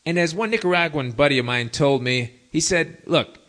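Speaking briskly in a slightly high, somewhat bright voice, a male podcast host delivers a casual monologue to his listeners. His storytelling is wry and folksy.

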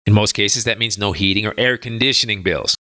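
A man's voice: fairly low pitch, fairly quick, sharp tone, no echo, clean studio sound. A man from the United States hosting a podcast, chatting through a listener's email questions in a casual, emphatic, folksy way. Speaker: podcast host.

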